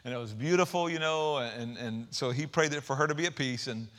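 A man preaching a sermon as pastor, animated, with folksy asides and rising emphasis. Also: mid-range voice, brisk.

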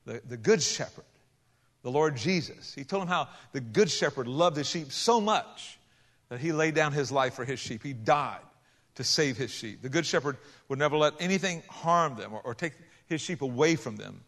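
A man preaching a sermon and telling a story, talking conversationally with many restarts and then building to loud, emphatic passages. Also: fairly high pitch, expressive, moderate pace. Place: large hall with a congregation. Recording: long hall reverb.

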